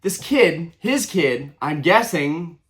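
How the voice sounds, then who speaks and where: A man's voice: fairly high pitch, sing-song, slow pace, fairly bright tone. A young adult man hosting a collector channel, ranting heatedly with lots of fillers and restarts. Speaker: Pokémon card collector channel host. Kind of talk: ranting vlog commentary.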